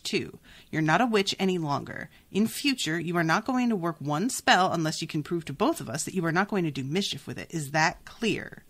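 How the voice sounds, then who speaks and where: A woman's voice: on the low side, a bit bright, full character voice. A woman reading aloud the lines of a stern adult male wizard guardian, in a scolding tone.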